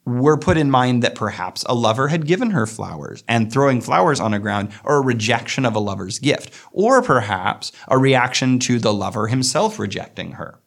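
A man teaching a poetry lesson, explaining verse and slowing down to read lines aloud thoughtfully. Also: medium pitch, sing-song, vocal fry. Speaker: literature teacher.

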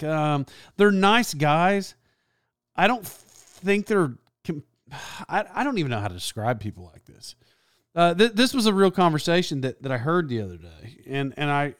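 A man's voice: on the high side, clear, resonant tone, no echo, clean studio sound. A man hosting a podcast, telling comic stories in an exasperated, rambling way that keeps interrupting itself. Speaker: podcast host. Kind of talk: comedic storytelling monologue.

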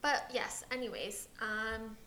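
A woman's voice: fairly high pitch, slow pace, bright, forceful tone, reverberant, slight background noise. A woman co-hosting a casual podcast, rambling through a long story about her son and acting out his lines. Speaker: podcast co-host. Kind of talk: casual chat.

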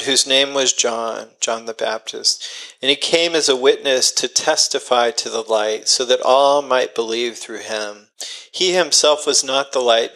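A man's voice: medium pitch, sharp tone, rough recording. A man in his forties preaching a sermon, earnest and self-deprecating, with sighs and casual asides. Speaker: pastor.

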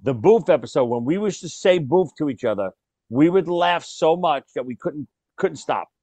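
Speaking at normal speed in a fairly high voice, a man hosts a casual podcast chat. He's an animated storyteller who laughs and acts out quoted lines, and the recording has no room sound.

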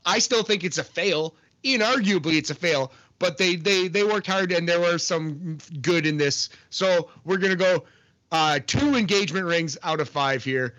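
A man with a bright, slightly high voice trades casual opinions on a wrestling show. He laughs often and restarts his sentences. His talk is loose and friendly. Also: normal speed, dull audio. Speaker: podcast co-host. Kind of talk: casual wrestling review chat.

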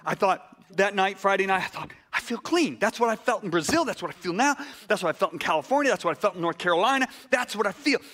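A man preaches in a high, ringing, bright voice. He tells his story with big swings between excited outbursts and hushed, intimate moments. When he gets worked up, he repeats words and starts over. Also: quick pace, hardly any pauses. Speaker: pastor. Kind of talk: sermon storytelling.

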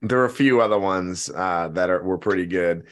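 A man's voice: low voice, normal speed. Laughing, jokey male podcast host. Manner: jokey, laughs often, leads the segments. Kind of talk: casual podcast chat.

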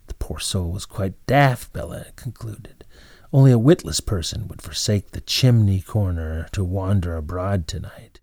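A man narrating an old tale in a measured, dramatic way. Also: low-pitched, a little mellow, no room sound, clean studio sound. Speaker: storyteller. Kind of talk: scripted narration.

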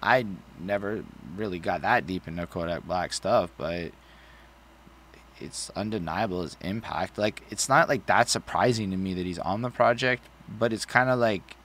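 Loose-talking man reviewing music, low voice. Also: moderate pace, a bit bright, slight background noise. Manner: loose, profane, rambling. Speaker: podcast co-host reviewing an album. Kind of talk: casual album review chat.

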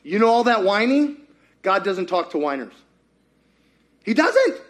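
Animated preacher, man with a high voice. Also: unhurried. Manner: animated, rhetorical questions to the congregation. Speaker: pastor. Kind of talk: sermon.

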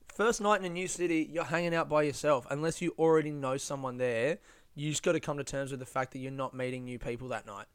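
Young male comedian, sardonic and profane storyteller, clean smooth tone. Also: a little high, brisk. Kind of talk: casual comic storytelling.

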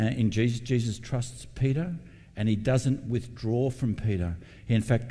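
A man's voice: mid-range voice, warm tone. Man preaching in a reverberant hall. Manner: asks the congregation questions. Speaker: pastor. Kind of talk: sermon.

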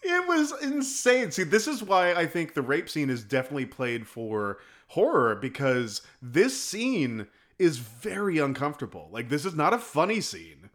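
A man with a bright, forward voice talks through a movie in a loose, casual conversation. He retells scenes with lively energy and slips into the characters as he goes. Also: mid-range voice, normal speed, hardly any pauses. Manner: animated storytelling, acts out scenes. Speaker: podcast co-host. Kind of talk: casual film discussion.

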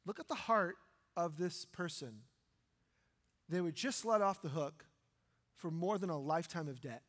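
A man preaching a sermon as pastor, animated and acting out voices from the story. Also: fairly high pitch, normal speed. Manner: animated, acts out the parable's voices. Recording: long hall reverb.

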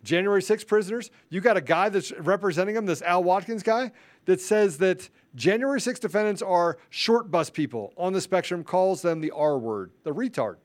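A man's voice: sits high, lively intonation, moderate pace. A man hosting a political commentary show, ranting in a fiery, repetitive, emphatic way. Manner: self-described introvert. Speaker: show host.

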